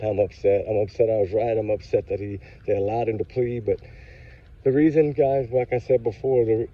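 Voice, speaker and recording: In a casual ranting vlog, a man who runs a true crime channel paces a grocery store parking lot, angry and fired up as he speaks directly to viewers. He has a mid-range voice, captured with lo-fi sound.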